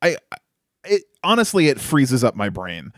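A man's voice: medium pitch, very animated, measured pace, fairly bright tone, dry recording, studio quality. A man co-hosting a casual film review chat, chatty and incredulous, often laughing. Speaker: podcast co-host reviewing a film.

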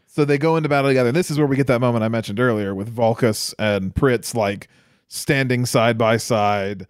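A man's voice: medium pitch, a little fast, clean tone, no echo, studio quality. Wry, chatty man reviewing a film. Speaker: podcast co-host. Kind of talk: casual chat reviewing a film.

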